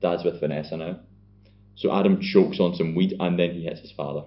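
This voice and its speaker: Male podcast co-host, very low voice, dry sweary recaps, muffled lo-fi mic. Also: steady tone, brisk. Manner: sardonic, sweary plot recapping. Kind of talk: casual film recap chat. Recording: dull lo-fi podcast audio.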